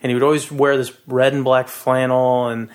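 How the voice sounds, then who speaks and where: A man's voice: medium pitch, flat delivery, normal speed. A man co-hosting a podcast, chatting casually and rambling with frequent restarts. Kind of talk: casual chat.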